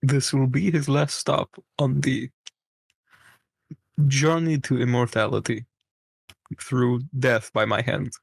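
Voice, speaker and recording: A man's voice: medium pitch, flat delivery, takes it slowly, gravelly, long pauses, husky, dry recording, heavily acted. A man voicing a grim, boastful male gladiator in a solemn, grandiose tone.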